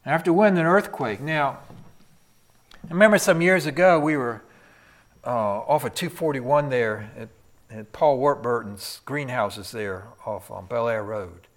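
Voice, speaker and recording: A man preaching a sermon in an animated storytelling way, swinging from loud to soft. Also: mid-range voice, unhurried.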